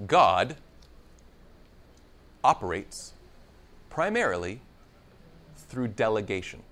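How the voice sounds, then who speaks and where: Animated male preacher with lively pitch. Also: takes it slowly, a little hiss or hum. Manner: conversational, animated, acts out biblical dialogue with humor. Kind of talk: sermon.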